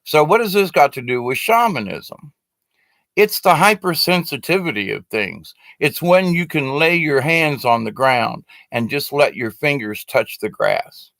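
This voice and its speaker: A man's voice: a little high, expressive, measured pace, gravelly, fairly bright tone, no echo. A man giving a casual, rambling spoken teaching to a live stream audience, talking to his webcam with many fillers and restarts. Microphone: webcam facing the speaker.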